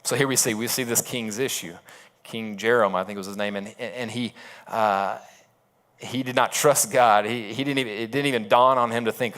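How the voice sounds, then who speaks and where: A man's voice: mid-range voice, fairly even intonation, brisk, fairly bright tone. A man preaching a sermon as a pastor, retelling a story in a casual, conversational way with asides.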